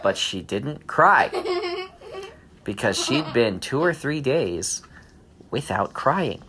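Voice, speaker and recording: A man's voice: mid-range voice, animated, slow pace, crowd noise. A man telling an improvised, playful story to children, laughing as he acts out the voices.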